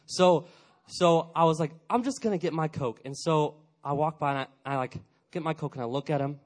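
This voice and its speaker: Energetic young man preaching to teens. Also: fairly high pitch, brisk. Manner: energetic, chatty, full of "like" fillers, acts out quotes. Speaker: youth pastor. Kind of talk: casual youth sermon.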